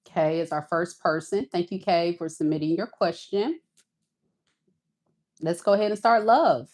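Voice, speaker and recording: A woman's voice: lowish voice, measured pace, darkish tone. A woman hosting a tarot live stream, talking to viewers in a folksy, casual way and calling them y'all.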